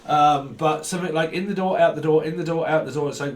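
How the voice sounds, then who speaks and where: A man with a voice pitched a little high gives a loose, free-association tarot reading. He jumps from pun to pun and drifts into bits of songs and goofy voices as he goes. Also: fairly even intonation, quick pace. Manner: playful, punning, breaks into snatches of song and silly voices. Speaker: tarot reader.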